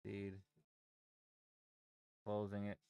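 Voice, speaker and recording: A man commentating his live trades, swearing heavily and swinging from low muttering to angry yelling. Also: monotone, very slow, vocal fry, smooth, no echo. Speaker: day trader streaming live.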